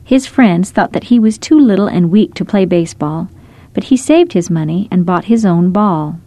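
A woman narrating short scripted stories in a gentle, measured storytelling manner. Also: lowish voice, no room sound.

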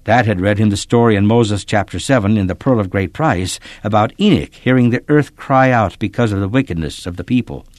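A man reading a children's story aloud, in expressive, measured scripted narration. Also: fairly low pitch, no echo, studio quality.

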